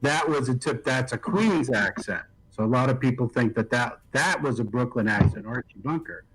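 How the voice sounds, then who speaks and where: A man from New talks in a casual, wry way. He tells stories and swears lightly. His voice sits at an ordinary middle pitch. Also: expressive, normal speed, fairly bright tone, husky, poor audio. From New York. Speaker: guest on a live stream. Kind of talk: casual chat.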